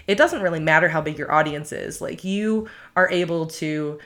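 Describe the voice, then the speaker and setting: A woman's voice: deep voice, normal speed, a bit bright. A young woman chatting on a podcast, rambling and reflective, leaning on lots of "like" fillers. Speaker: podcast co-host, YouTuber. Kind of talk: casual podcast chat.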